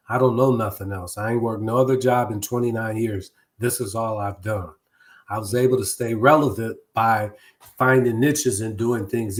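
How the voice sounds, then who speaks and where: A middle-aged man, a guest real estate broker, explaining things in a relaxed conversational way, often repeating words as he goes. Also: on the low side. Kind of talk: casual talk-show chat.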